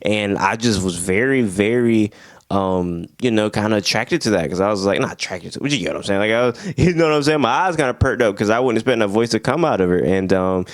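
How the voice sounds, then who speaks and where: A young man hosting a casual music review, talking excitedly in slang, laughing often and breaking into bits of song. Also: fairly low pitch, fairly quick, no echo, clean studio sound. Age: young adult. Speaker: music reviewer, channel host.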